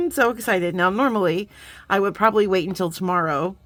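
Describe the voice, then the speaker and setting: Woman, vlog host, bubbly, chatty, excitable, casual unboxing talk. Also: medium pitch, normal speed. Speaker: beading channel host.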